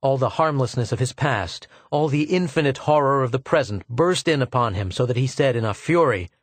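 Audiobook narrator, male, mid-pitched, measured delivery, dry close recording. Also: animated, dry recording. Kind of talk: scripted narration.

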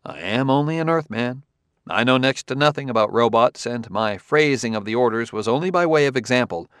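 A man's voice: mid-range voice, fairly quick, fairly bright tone, clear, resonant tone, no echo, studio quality, lightly acted. A man voicing an insistent adult male detective who presses his questions methodically, read as an audiobook character.

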